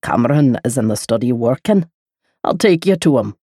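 A woman's voice: very deep voice, animated, normal speed, dark tone, breathy edge, no room sound, pitched below the performer's own voice, full character voice. A woman voicing a Scottish male castle servant with a thick brogue and plain, dry remarks.

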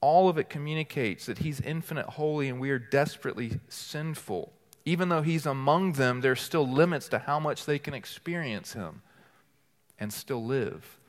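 A man preaching a sermon as teaching pastor, earnest and deliberate, building emphasis through repeated phrases and reading scripture aloud slowly. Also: mid-range voice. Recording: long hall reverb.

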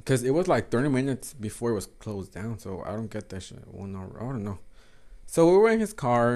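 A young podcast host tells a story frankly and with plenty of profanity, slipping Spanish phrases into his English in a casual monologue. His voice is medium-pitched and a little mellow.

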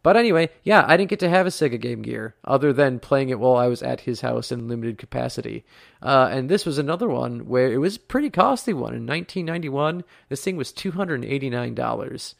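A man's voice: medium pitch, lively intonation, a little fast, gravelly, dry recording, clean studio sound. A man in his thirties from the United States, hosting a podcast in a chatty, rambling way with lots of fillers. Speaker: podcast host. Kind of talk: casual podcast talk.

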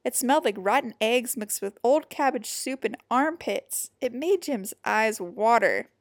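A woman reading a children's picture book aloud in an expressive, animated way. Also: a little high, a little slow, no room sound, clean studio sound. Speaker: storybook reader.

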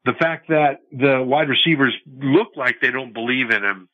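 A man calling in as a football analyst guest, giving measured, confident analysis over the phone. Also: mid-range voice. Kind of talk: phone-in sports talk. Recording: tinny phone line, dry.

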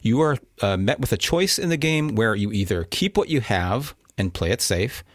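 A man's voice: lowish voice, lively intonation, normal speed, dry recording, clean studio sound. A man co-hosting a podcast, explaining a board game in casual chat and chuckling at his own slips. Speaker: podcast co-host.

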